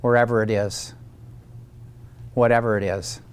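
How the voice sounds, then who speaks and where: A man leading a guided meditation in a slow, calm manner. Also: fairly low pitch, smooth. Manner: slow, calm, unhurried phrasing. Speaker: meditation leader.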